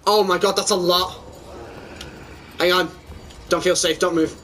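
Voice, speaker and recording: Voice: mid-range voice, fairly even intonation, unhurried, fairly bright tone, far from the mic, slight background noise. A gamer giving let's-play commentary during a horror game, talking to themself and to viewers and swearing when startled.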